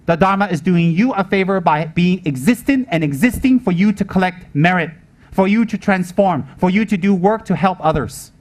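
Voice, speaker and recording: A man's voice: sits high, animated, normal speed. A man giving a Buddhist teaching in an emphatic manner, repeating his points and asking rhetorical questions. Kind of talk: Dharma teaching.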